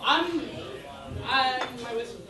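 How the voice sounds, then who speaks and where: A man's voice: very high voice, animated, slow pace. Young guy doing standup at a bar, rambly with lots of likes, crowd noise all around. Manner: rambling, filler-heavy delivery. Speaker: stand-up comedian. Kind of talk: stand-up set. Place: bar comedy stage. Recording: echoey bar, distant mic, crowd.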